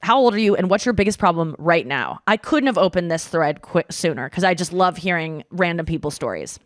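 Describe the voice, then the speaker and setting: A woman's voice: fairly low pitch, brisk, dry recording. Chatty woman host, dry close sound. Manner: animated storytelling with mimicked voices; frequent filler words. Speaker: podcast host. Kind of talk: casual chat.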